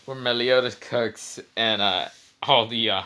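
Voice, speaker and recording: A man's voice: mid-range voice, fairly even intonation, a little slow, bright, forceful tone. A young man casually retelling a fan story. He rambles with many fillers and self-corrections.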